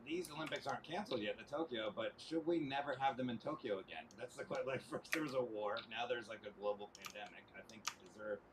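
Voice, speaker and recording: A man's voice: mid-range voice, quick pace, few pauses. Podcast host guy, easygoing, sounds far from the mic, noisy room. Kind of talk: casual chat.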